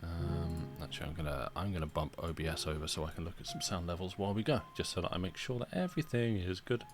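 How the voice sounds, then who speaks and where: Lowish voiced guy narrating a visual novel on stream, relaxed, lots of ums. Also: fast talker, over music. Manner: relaxed, hesitant, many ums, laughs easily. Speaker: co-host of a let's-play stream. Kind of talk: casual gaming chat and narrating a visual novel.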